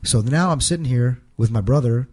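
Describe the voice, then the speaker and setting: A man being interviewed, recounting events in a halting way, repeating his words as he relives each moment. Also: mid-range voice, a little mellow. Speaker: guest, wrestler. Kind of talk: casual storytelling interview.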